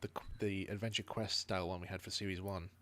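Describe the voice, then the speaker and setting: A man hosting a casual review chat, animated and laughing often as he acts out lines. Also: deep voice, fast talker. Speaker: podcast host reviewing an animated series.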